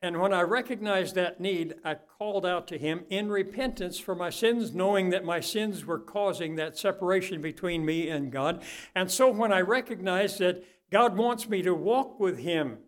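An older male preacher with a fairly high voice delivers a sermon to a congregation. He talks like a folksy storyteller, dropping into soft asides and then climbing to loud, fervent peaks. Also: animated, a little slow.

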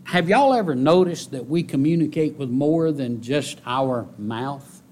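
A man's voice: animated, a little slow. Folksy preacher man. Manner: folksy, repeats key phrases for emphasis; rises to loud, high-pitched exhortation. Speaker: pastor. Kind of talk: sermon.

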